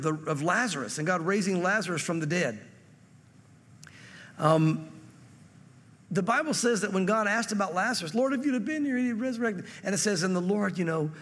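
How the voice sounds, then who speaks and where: High-voiced man preaching in a reverberant hall. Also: a bit bright. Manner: conversational preaching, reads scripture aloud and acts out quotes. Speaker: pastor. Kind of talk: sermon.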